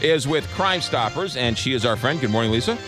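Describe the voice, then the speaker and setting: A man's voice: mid-range voice, lively intonation, fairly quick, music in the background. A man hosting a radio morning show, joking and upbeat, repeating key details for listeners. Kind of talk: casual radio interview banter. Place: radio studio. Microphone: studio microphone.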